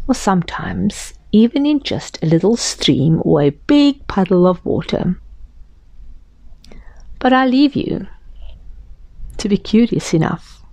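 A woman reading a children's storybook aloud in a slow, gentle, expressive way. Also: fairly low pitch, creaky, no room sound. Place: library.

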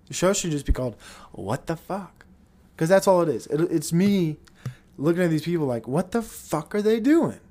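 A man hosting his own show in a rambling, profane, blunt casual monologue. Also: on the high side. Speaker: podcast host.

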